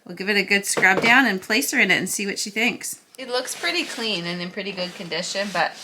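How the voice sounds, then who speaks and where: A woman's voice: medium pitch, brisk, noisy background. A young woman from Canada talking in a chatty, casual home vlog, using lots of fillers. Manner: chatty, filler-heavy talk. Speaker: vlogger.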